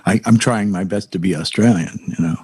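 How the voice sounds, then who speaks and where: An older man guest telling playful stories in a soft, low, husky voice. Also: a little fast, distant mic. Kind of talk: casual interview chat.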